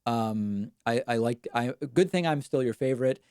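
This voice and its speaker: A man hosting a live online show, giving casual political commentary and reading out viewer messages with quick, wry, self-deprecating asides. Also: medium pitch, darkish tone, clear, resonant tone, dry recording, clean studio sound. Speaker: show host.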